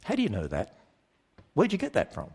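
A man giving an emphatic talk to a church audience, firing questions at the listeners and acting out quoted voices in quick exchanges. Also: a little high, huge pitch swings, gravelly, darkish tone, slightly rough. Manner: acts out quoted voices in quick back-and-forth. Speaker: speaker.

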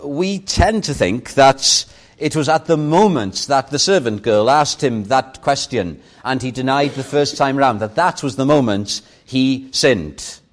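A Welsh-first-language man gives a Sunday morning sermon in a medium-pitched voice. Slow and expressive, he tells stories while hitting key words with heavy emphasis.

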